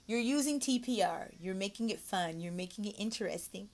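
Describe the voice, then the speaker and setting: A woman giving a mock online English lesson, switching between explaining to viewers and a sing-song voice modeling praise and phrases for young learners. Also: mid-range voice. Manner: slow, drawn-out model phrases. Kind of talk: mock teaching demo with explanation.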